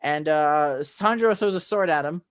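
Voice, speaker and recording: A fairly high-voiced man chatting on a podcast, retelling a story with rising excitement. He rambles, stumbles and restarts often, full of "um" and "like". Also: normal speed, clear, resonant tone. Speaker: podcast co-host. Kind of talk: casual chat recapping a film.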